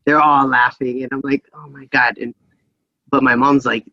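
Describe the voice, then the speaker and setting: A man's voice: medium pitch, level tone, normal speed, sharp tone, no room sound, highs cut off. A man in his forties co-hosting a casual chat podcast, telling stories and laughing often. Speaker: podcast co-host.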